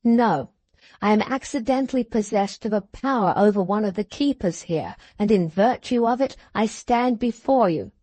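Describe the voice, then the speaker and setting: A woman voicing a steady, urgent young Englishman who gives calm, hurried commands as he plans a rescue. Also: mid-range voice, dry recording, lightly acted. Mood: urgent, commanding.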